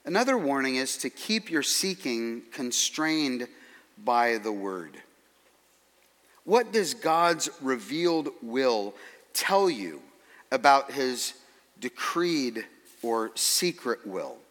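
Bright-voiced male preacher in a reverberant hall. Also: medium pitch, big pitch swings. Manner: earnest, measured preaching with dry humor asides. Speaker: pastor. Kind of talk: sermon.

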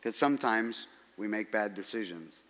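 A man preaching a sermon as pastor, earnest and measured, with dry humorous asides. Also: on the low side, animated, a bit bright, long reverb tail.

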